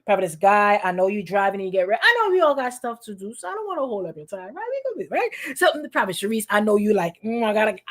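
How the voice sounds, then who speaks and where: Preaching informally to her online flock, this middle-aged pastor talks fast with hardly any pauses, her medium-pitched, fairly bright voice very animated. She names listeners directly and performs the voices of those she quotes.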